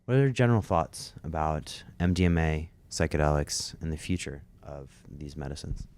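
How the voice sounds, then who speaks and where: A man's voice: a bass voice, moderate pace, darkish tone, dry recording. A man hosting a podcast in a loose, joking conversational way. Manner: easygoing, joking. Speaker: podcast host. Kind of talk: casual podcast chat.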